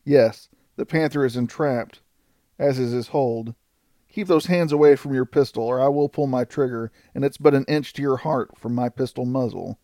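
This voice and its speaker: A man voicing a stern, cool-headed male frontier scout in an audiobook, speaking in a measured way. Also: mid-range voice, mellow, dry recording, studio quality, lightly acted.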